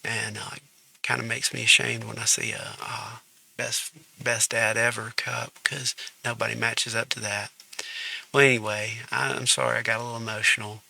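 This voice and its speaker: Man, faith vlog host, earnest, halting, very gravelly, sharp bright tone. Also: mid-range voice, low-quality recording. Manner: earnest, halting, repeats his words as he restarts. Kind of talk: casual faith vlog monologue.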